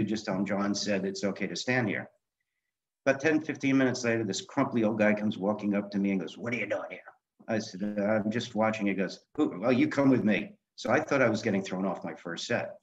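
Older man, low voice, animated podcast storyteller; muffled lo-fi recording. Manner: animated anecdotes, acting out quoted dialogue. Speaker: guest, author and film director. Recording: dull lo-fi sound.

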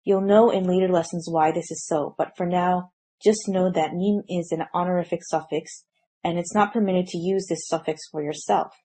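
A woman with a fairly low, husky voice narrates a scripted grammar lesson. She explains each point clearly and gives example sentences in a steady, measured way. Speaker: language teacher.

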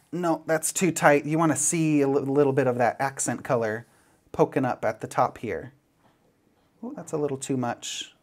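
Chatty man teaching a knitting technique. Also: fairly high pitch. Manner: chatty, playful, demonstrating as he goes. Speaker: knitting instructor. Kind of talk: step-by-step craft tutorial.

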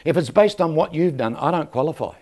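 A man's voice: a little high, expressive, a little fast, darkish tone. A man preaching a sermon in a church, telling stories and asking the crowd for an amen. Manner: storytelling with rhetorical questions and calls for amen.

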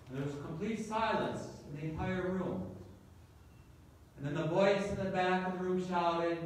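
A man, a priest, telling a story in a sermon with slow, measured delivery, recorded in a church from far off. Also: high voice, very echoey.

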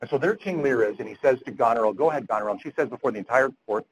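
A man's voice: mid-range voice, rapid-fire, husky, low-quality recording. A man lecturing physicians at grand rounds, retelling a story earnestly and often repeating words as he goes.

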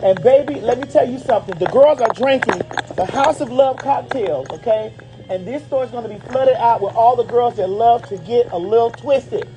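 A woman's voice: fairly high pitch, normal speed. A woman with a Southern US accent, a brand ambassador filming a promotional vlog, flamboyant and sassy, calling everyone honey and baby. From Southern United States. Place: out and about on city streets and in a liquor store.

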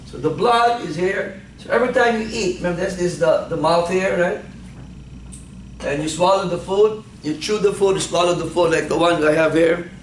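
A man with a fairly high voice is teaching a class. He quizzes his students with short questions and often supplies the answers himself. The recording comes from a roomy, echoey classroom with a faint hum behind him. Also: normal speed. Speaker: instructor.

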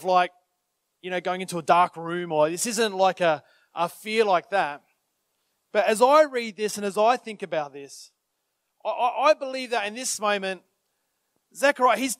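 Animated high-voiced male preacher. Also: dry recording, studio quality. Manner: animated, acts out inner thoughts in quick asides; many filler phrases and restarts. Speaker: pastor. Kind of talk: sermon.

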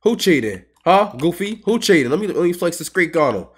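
Trash talk laced with swearing flies at his opponents as this young male streamer casually narrates his gameplay, erupting now and then in short bursts of excitement. He has a high-pitched, husky voice.

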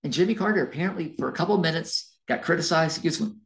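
A man's voice: fairly high pitch, expressive, racing, low-quality recording. A man, a college history lecturer, giving a recorded class lecture in a conversational, rambling way with fillers and restarts.

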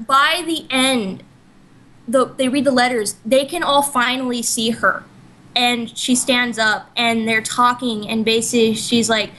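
A woman with a fairly high voice, chatting casually as a podcast co-host. She rambles through a long retelling, packing in "like" and "you know" and restarting her sentences, with a faint hiss of noise under her voice. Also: fairly even intonation, measured pace, sharp tone, rough recording. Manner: rambling, full of "like" and "you know", self-correcting. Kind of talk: casual chat retelling an anime plot.

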